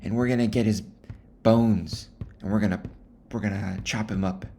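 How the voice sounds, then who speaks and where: A man's voice: lowish voice, steady tone, moderate pace, mellow, soft background music, close to an everyday voice. A man putting on a bombastic vengeful sea captain. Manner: bombastic, scheming. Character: booming vengeful one-legged sea captain.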